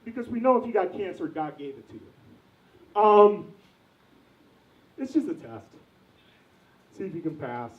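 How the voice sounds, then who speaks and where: A man's voice: sits high, big pitch swings, measured pace, long pauses, distant mic. A young man doing a crude, rambling stand-up set, quizzing the audience, recorded from afar in an echoey lo-fi room. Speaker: stand-up comedian.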